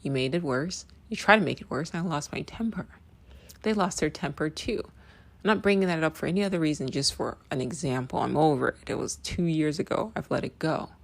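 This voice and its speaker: A podcast host with a low, creaky voice talks fairly quickly in a casual opinion monologue. She's blunt and swears freely, repeating phrases for emphasis and often checking in with "right?"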